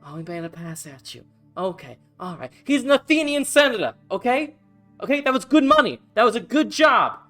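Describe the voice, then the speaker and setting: A man voicing a portly human mercenary boss who shouts and curses in a fury. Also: fairly high pitch, moderate pace, faint music behind, voice pushed up. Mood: furious. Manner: shouting, cursing, fuming.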